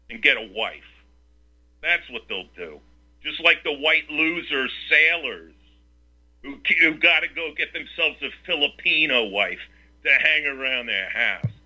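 A man's voice: fairly high pitch, pushed and bright. Male radio host, combative rhetorical rants, piercing tone, muffled radio sound. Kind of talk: talk radio commentary.

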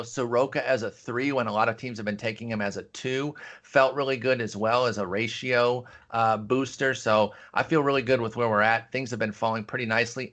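Man, radio interview answers, steady, explanatory, medium pitch. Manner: steady, explaining picks at length. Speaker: fantasy baseball co-host.

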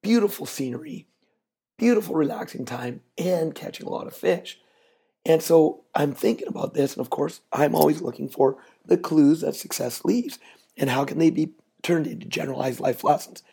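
A man's voice: fairly high pitch, expressive, normal speed, creaky, dark tone, slightly rough. A middle-aged man hosting a podcast, telling a chatty, folksy story that builds to a business lesson. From Canada. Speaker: podcast host.

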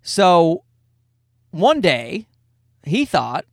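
A man's voice: high-pitched, big pitch swings, drawn-out words, creaky, no room sound, clean studio sound. A man, a father, casually telling a rambling, self-mocking anecdote in a jokey monologue.

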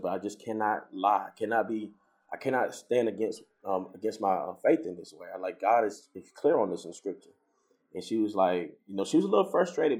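A man telling a personal faith story in casual talk, acting out the voices of the people he quotes. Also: on the low side. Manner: storytelling, animated when quoting others.

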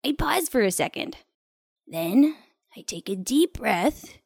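A woman's voice: a little high, very animated, creaky, darkish tone, dry recording, studio quality, full character voice. A woman voicing a spirited young girl who plays guitar in a children's audio drama, upbeat and playful. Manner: upbeat and playful, drawn-out delivery.

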